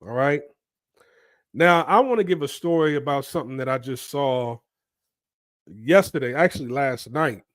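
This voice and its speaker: A man's voice: medium pitch, lively intonation, moderate pace, pauses often, no room sound, clean studio sound. A man hosting a commentary channel, giving his opinion in an emphatic, preachy way and often checking in with "right?".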